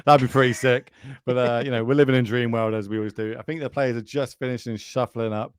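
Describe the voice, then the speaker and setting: A man's voice: mid-range voice, steady tone, quick pace, clean tone, no room sound. A British man commentating live on a card game tournament, chatty and joking, plugging the channel between plays. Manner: chatty, jokey, plugs the channel.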